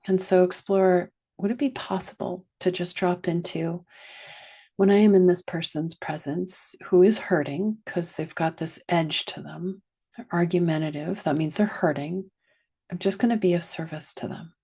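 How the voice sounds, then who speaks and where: A woman teaching a guided reflective lesson, slow and gentle, sometimes dropping to a soft whisper. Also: lowish voice, fairly even intonation, slightly rough. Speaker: wellness teacher.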